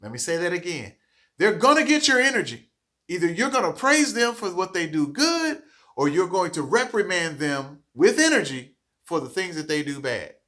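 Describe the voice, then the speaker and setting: A man's voice: sits high, sing-song, moderate pace, pushed and bright. Earnest man coaching teachers. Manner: earnest, coaching, frequent "okay?" check-ins. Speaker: trainer of childcare teachers. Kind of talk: staff training talk.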